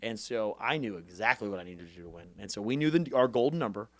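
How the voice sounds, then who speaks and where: A man in his twenties, a podcast guest, telling his story in a fast, animated, profane way and acting out the people he quotes. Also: on the low side, no room sound. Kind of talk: casual storytelling interview.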